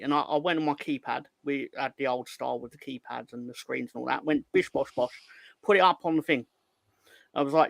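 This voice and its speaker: A man co-hosts a football fan show in casual chat, voice bright and fairly high. He tells stories with energy and swears freely. The sound is close and dry. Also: a little fast, gravelly, no echo. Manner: animated storytelling, swears freely. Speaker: co-host.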